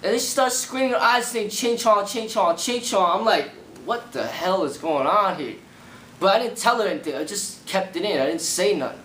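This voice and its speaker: A young man who hosts a martial arts channel casually rambles through personal experiences, leaning on the same fillers over and over. His voice is a bit bright, a little fast, with lively intonation, in an echoey room with faint rumble.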